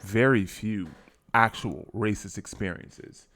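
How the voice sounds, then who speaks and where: A man's voice: fairly low pitch, slow pace, fairly bright tone. A man from Delaware co-hosting a podcast, talking casually and often restarting his sentences. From Delaware, USA. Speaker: podcast co-host.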